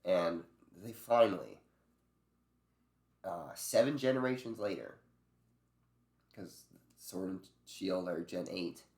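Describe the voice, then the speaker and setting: A man's voice: deep voice, lively intonation, slow pace, long pauses, a little mellow. A man chatting casually as a video creator, rambling loosely with swearing, many fillers and restarts. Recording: echoey room.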